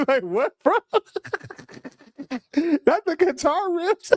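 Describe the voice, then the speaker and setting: Animated high-voiced man laughing through commentary. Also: very slow, long pauses, no room sound, studio quality. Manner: laughs often, animated and mocking. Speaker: podcast host. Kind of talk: reaction commentary on a clip.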